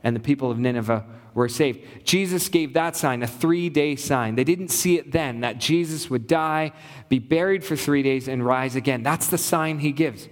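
A man's voice: a little high, moderate pace, in a large hall. A man preaching a sermon as pastor, earnest and building his points through repetition.

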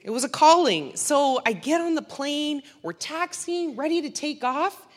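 Woman, casual church testimony, chatty, laughs often, higher voice, long hall reverb. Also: lively intonation, measured pace. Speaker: church member giving a mission trip testimony.

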